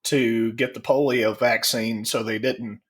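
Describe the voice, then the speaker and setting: A middle-aged man, a podcast co-host, speaking in a measured, blunt way in casual chat. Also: medium pitch, steady tone, slight background noise.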